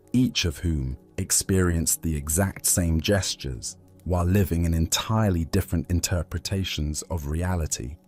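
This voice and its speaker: A man calmly narrating a scripted bedtime story. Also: deep voice.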